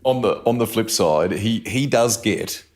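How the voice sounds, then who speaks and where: A man's voice: fairly low pitch, unhurried. A man hosting a podcast, chipping in with short remarks and questions. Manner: brief interjections and prompting questions. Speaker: podcast host. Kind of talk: casual interview chat.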